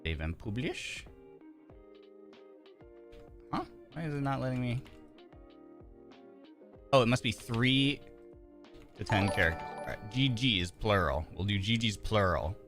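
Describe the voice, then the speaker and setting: A man's voice: lowish voice, expressive, unhurried, pauses often, a bit bright, soft background music. A young man on a casual livestream, cheerfully welcoming viewers by name and thanking them, often stumbling over names. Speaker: streamer.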